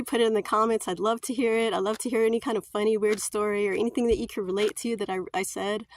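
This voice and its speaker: A woman's voice: medium pitch, slight background noise. A chatty woman, telling stories in a casual vlog and laughing often. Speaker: vlogger.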